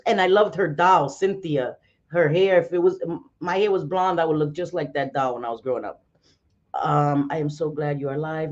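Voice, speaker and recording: A woman's voice: low-pitched, darkish tone, lo-fi sound. A woman in her forties, chatting casually on a live stream, greeting viewers by name and swearing freely. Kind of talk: casual chat.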